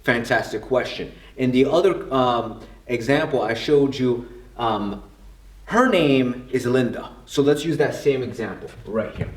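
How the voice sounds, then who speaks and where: A man's voice: medium pitch, unhurried, slight background noise. A man from the United States explaining basic grammar in a casual classroom way, asking rhetorical questions and repeating himself. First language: English. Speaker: language teacher. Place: room with a whiteboard. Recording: echoey room.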